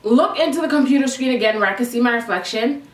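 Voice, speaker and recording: A young woman from Canada recounts something frightening in an animated, breathless vlog voice, pitched a bit high. Her voice sits a little back from the mic, and the room adds a noticeable echo. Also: fast talker, recorded from a distance. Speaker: vlogger. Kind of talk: casual storytelling to camera. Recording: roomy sound, voice a little off-mic.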